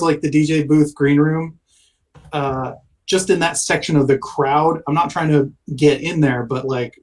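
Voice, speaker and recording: Halting man playing a tabletop game. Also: a little high, low-quality recording. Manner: halting, with many fillers and laughs. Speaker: player. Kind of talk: in-character tabletop play.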